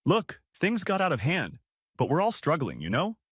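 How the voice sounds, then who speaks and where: A man plays a young man trying to smooth things over, his voice rising and dipping a lot in a storybook telling. It is recorded close and dry. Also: a little high, wildly swooping pitch, moderate pace, fairly bright tone, dry recording, voice pushed up, heavily acted. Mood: tense.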